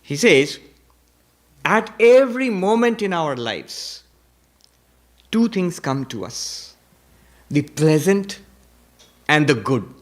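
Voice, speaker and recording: Man, monk, spiritual lecture, storytelling, Sanskrit recitation, emphatic repetition, fairly high voice. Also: very animated, slow pace, long pauses. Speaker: Vedanta teacher, monk.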